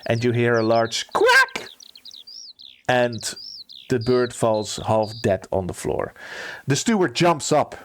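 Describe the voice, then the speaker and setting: A man's voice: medium pitch, huge pitch swings, slow, long pauses, fairly bright tone, a little hiss or hum. A man running a tabletop game as game master, telling the scene casually with dramatic beats.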